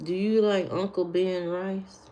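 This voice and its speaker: A woman's voice: lowish voice, flat delivery, unhurried, dark tone. A woman live streamer chatting casually with her viewers, answering their comments with sass. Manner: sassy, talks back at trolls.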